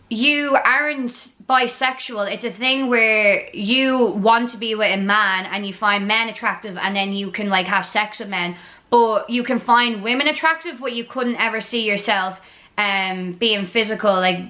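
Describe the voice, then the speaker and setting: Dublin girl in her 20s vlogging, bright voice, swears a lot, says like constantly. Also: on the high side. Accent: Dublin Irish. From Ireland. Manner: blunt and sweary, full of "like" and "um". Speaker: vlogger answering viewer assumptions. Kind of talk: casual chat to camera.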